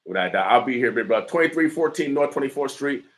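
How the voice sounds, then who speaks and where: On a rough recording, a man speaks fast in an expressive, medium-pitched voice with a fairly bright tone. He hosts a community radio morning show with an Omaha, Nebraska accent, giving fired-up, emphatic talk riddled with stammers and fillers.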